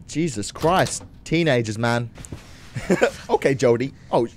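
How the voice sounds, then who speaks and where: A young man giving excitable let's play commentary, laughing and swearing. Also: medium pitch, slow, slight background noise. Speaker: gaming channel host.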